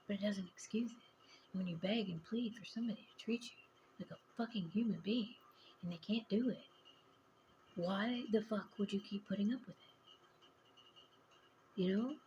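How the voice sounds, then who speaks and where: Middle-aged woman, gravelly voice, confessional vlogger; raw, halting, often hushed delivery. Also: medium pitch, muffled recording, a little hiss or hum. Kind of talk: personal confessional vlog.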